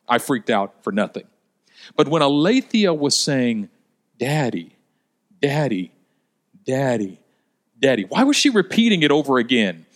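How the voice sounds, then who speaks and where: A male pastor preaching a sermon, telling stories and slowing down for emphasis. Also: mid-range voice, expressive. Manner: storytelling, slows down for emphasis.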